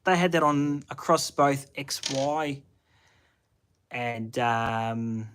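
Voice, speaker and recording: Casting note: broad Australian bloke, bright, forward tone, rambling and slangy, live chat from the shed. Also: male voice, medium pitch, extremely slow, slight background noise. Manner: rambling, thinks aloud with restarts and Aussie slang. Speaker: channel host answering live chat. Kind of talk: casual livestream chat. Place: home shed at night.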